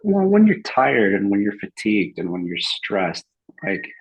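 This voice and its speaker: A man's voice: on the low side, sing-song, a little slow, slightly rough, no room sound. A father chatting casually, conversational and often checking for agreement. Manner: conversational, seeks agreement with "right?". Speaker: father, podcast guest. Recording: dull lo-fi audio.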